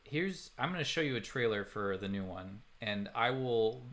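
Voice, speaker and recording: A man's voice: mid-range voice, animated, moderate pace, fairly bright tone. A man hosting a podcast, chatting casually and ranting sarcastically with some swearing. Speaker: podcast host. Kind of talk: casual chat.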